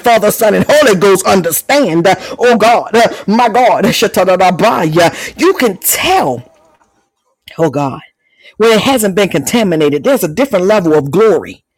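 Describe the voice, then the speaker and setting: A man with a strikingly high voice delivers a charismatic sermon. He laughs often, repeats hallelujah and slips into speaking in tongues. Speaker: preacher.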